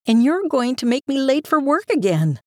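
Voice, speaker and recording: A woman's voice: high voice, sing-song, normal speed, a little mellow, no echo, clean studio sound, pitched above the performer's own voice. A woman reading the lines of a weary young man, exasperated but fond with his new puppy, in a storybook.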